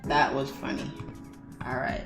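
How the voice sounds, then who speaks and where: Woman host, giggly chatty storyteller, slangy, roomy sound with soft music behind. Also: very deep voice, little pitch movement, a little slow, gravelly. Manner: laughing storyteller, loose slangy talk. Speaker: trading livestream host. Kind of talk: casual chat while trading.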